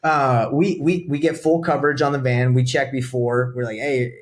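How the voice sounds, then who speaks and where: A man's voice: mid-range voice, moderate pace, a little hiss or hum. A young man from Atlanta, a podcast guest, telling a story in casual talk and acting out what people said. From Atlanta, USA. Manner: animated, acts out quoted dialogue with lively swings. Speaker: podcast guest, real estate investor.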